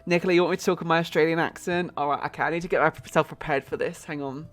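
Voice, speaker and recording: A woman's voice: low-pitched, steady tone, rapid-fire, soft background music. A British woman streaming a life-sim game, chatting casually, thinking aloud and greeting viewers in her chat. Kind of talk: casual gameplay commentary.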